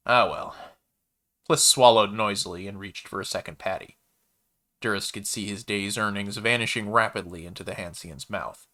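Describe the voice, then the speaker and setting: A man narrating a sci-fi story in a steady, measured reading voice. His voice sits low but with a bright, forward edge. The telling stays even and unhurried.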